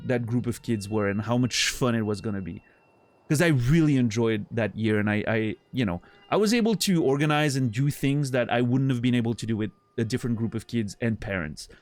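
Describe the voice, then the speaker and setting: A man chats casually with his stream viewers, rambling, restarting often, leaning on fillers, and laughing easily. His medium-pitched voice is animated and normal in speed, on a dry recording.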